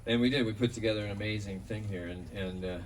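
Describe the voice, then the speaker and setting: Man, lowish voice, rambling memorial stories, distant outdoor mic, faint noise. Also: steady tone, quick pace. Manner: rambling, anecdotal, many fillers. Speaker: speaker at a memorial. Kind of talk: storytelling memorial tribute. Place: outdoors in a park.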